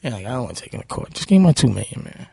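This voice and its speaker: A man's voice: mid-range voice, very animated, rapid-fire, gravelly, mellow, breathy edge, no echo. A man, telling stories bluntly and heatedly in a casual interview. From Harlem, New York. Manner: blunt, heated, repeats "you know what I'm saying". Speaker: guest.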